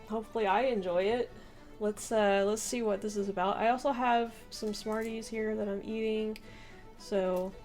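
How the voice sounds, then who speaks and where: A woman's voice: mid-range voice, a little mellow. Woman, young adult, from the US, casual chatty host, faint background music. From United States. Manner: chatty, giggly, lots of fillers. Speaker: YouTube reaction host. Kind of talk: casual chat.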